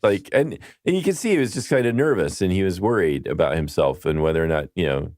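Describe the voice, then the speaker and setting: A man's voice: low voice, animated, fast talker, a little mellow, no echo, studio quality. A man hosting a casual film discussion podcast, talking hesitantly with many restarts. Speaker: podcast host.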